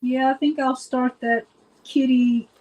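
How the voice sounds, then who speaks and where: High-voiced woman with dry jokes. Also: fairly even intonation, unhurried, a little mellow. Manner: dry, joking storyteller. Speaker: guest on a live stream. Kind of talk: casual live chat.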